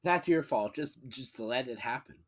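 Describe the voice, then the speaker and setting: A man's voice: mid-range voice, animated, moderate pace. A man co-hosting a podcast, chatting casually in a laid-back, playful, joking way. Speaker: podcast co-host. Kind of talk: casual chat.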